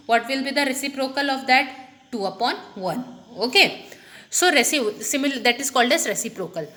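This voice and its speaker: A woman's voice: high-pitched, a bit bright. A woman teaching a grammar lesson, explaining step by step and saying "okay" often. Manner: explanatory, repeats "okay" often, many restarts.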